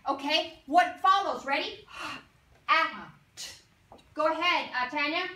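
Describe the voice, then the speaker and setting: A woman teaching young children a phonics lesson in a classroom, modeling sounds slowly and prompting call-and-response with encouraging praise. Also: high-pitched, sharp tone. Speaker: elementary school teacher. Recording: echoey room from far off.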